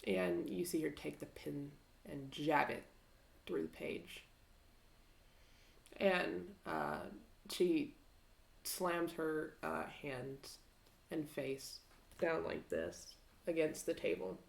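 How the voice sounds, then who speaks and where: A woman narrating a tabletop game as game master, halting with many fillers. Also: deep voice, lively intonation, gravelly. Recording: roomy echo.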